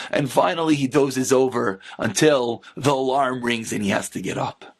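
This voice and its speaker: A rabbi telling an inspirational story with animation, acting out the characters. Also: male voice, medium pitch, normal speed, gravelly, few pauses, slightly rough.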